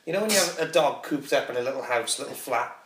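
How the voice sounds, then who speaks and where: A young adult man with a Welsh accent, bantering on a comedy podcast in a dry, deadpan way. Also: medium pitch, fast talker. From Northwest Wales. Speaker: podcast co-host. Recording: echoey room, off-mic.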